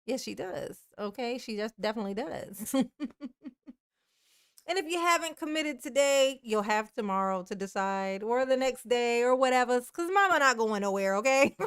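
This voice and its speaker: A woman's voice: fairly high pitch, animated, normal speed, smooth. A woman hosting a casual livestream sign-off, drawling affectionately, calling herself Mama and laughing often. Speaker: YouTube channel host.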